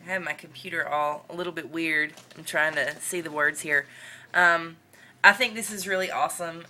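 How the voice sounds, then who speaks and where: Rambly young Mississippi woman vlogger, slow, bright tone, Northern Mississippi accent. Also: lowish voice. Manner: rambling, chatty, says y'all. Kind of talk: casual accent-challenge vlog.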